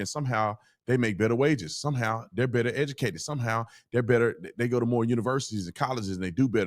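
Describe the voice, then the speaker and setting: A man hosting a show, giving casual commentary in a mocking, scornful way. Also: lowish voice. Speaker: host.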